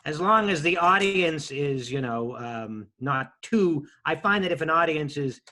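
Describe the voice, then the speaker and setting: A man's voice: fairly high pitch, animated, measured pace, bright, forceful tone. A man hosting a podcast over a video call, speaking with wry humor and frequent hesitations. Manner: wry, hesitant with many ums. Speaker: podcast host and introducer. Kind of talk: casual podcast chat, dry humor.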